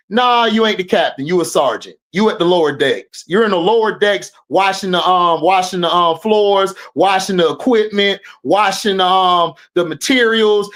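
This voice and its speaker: Animated, profane woman roasting players. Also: fairly high pitch, rough recording. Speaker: sports podcast host. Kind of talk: ranting sports commentary.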